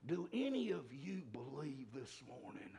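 A male preacher, delivering a sermon that swings from shouts to hushed whispers. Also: fairly high pitch, sing-song, measured pace, vocal fry, slight background noise.

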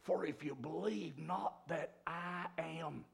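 Man, preacher, gravelly voice, slow drawn-out sermon, shouting then whispering. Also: a little high. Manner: swings from shouting to hushed whispers.

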